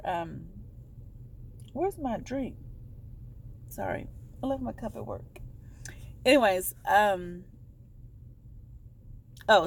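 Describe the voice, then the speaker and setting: Low kinda gravelly woman rambling thru a story, lots of stops and restarts, a bit of noise behind. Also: a little mellow. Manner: rambling, halting, stops to correct herself. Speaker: vlogger. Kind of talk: casual storytelling to camera.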